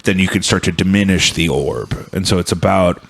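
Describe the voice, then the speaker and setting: Male podcast host, lowish voice, casual and reflective, tends to ramble through his ideas. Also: brisk, gravelly, fairly bright tone, breathy edge. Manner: thoughtful, rambling explanations. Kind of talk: casual chat. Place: home studio.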